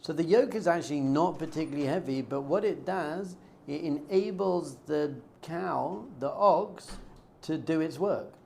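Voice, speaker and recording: Man, rabbi, casual Torah class, chatty storytelling, slightly high voice, faint hiss. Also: unhurried, creaky, few pauses, a little mellow. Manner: conversational, storytelling with acted-out dialogue.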